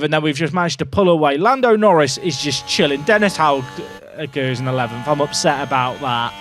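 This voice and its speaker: A young man giving excitable, jokey commentary while playing a racing game, talking to his chat and shouting at his drivers. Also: on the high side, a little fast, soft background music. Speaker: gaming video creator. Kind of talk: casual gameplay commentary.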